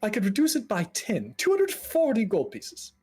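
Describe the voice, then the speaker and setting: A man's voice: high voice, huge pitch swings, normal speed, darkish tone, husky, voice pushed up, exaggerated voice. Man putting on a stammering anxious half-elf mage. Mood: nervous. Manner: stammering, nervous giggling.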